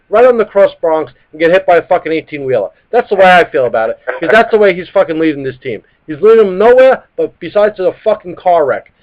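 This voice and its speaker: A man, hosting a live sports talk show and ranting heatedly with plenty of profanity. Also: high-pitched. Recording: dull lo-fi live stream audio.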